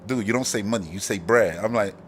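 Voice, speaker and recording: A man's voice: lowish voice, fast talker, faint music behind. A man with a Brooklyn accent, hosting a casual live-stream chat in a slangy, rambling way and laughing often. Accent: Brooklyn, New York. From Brooklyn, New York. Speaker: podcast host.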